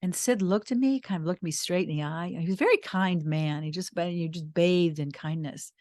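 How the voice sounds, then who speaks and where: Soft-spoken woman, earnest storyteller. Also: fairly low pitch, fairly quick, no room sound, clean studio sound. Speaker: guest speaker. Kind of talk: personal storytelling talk. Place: retreat venue.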